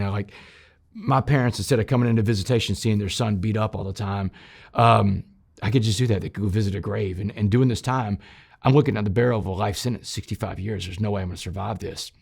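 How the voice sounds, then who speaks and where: Gravelly, husky man telling his story. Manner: swings from loud emphatic bursts to low, quiet passages; addresses listeners directly as "y'all". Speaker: interview guest recounting his past. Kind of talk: emotional personal storytelling.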